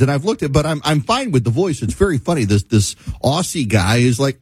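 A host rants with sarcastic exasperation, his husky voice swinging widely in pitch. The sound is dry and close, with no room echo. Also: expressive, normal speed, pauses often. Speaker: talk show host. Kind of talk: ranting monologue.

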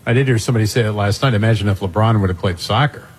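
Husky man chiming in as co-host. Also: on the low side, rapid-fire. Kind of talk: casual talk radio chat.

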